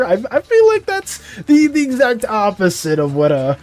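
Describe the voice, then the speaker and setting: A young man chatting casually with viewers on a live art stream, animated and apologetic, rambling with frequent restarts and laughs. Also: sits high, normal speed, hardly any pauses.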